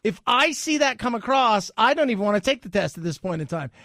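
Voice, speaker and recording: A man's voice: high-pitched, lively intonation, fast, sharp tone, dry recording, studio quality. A man hosting a talk radio show, joking and sarcastic in a rambling commentary.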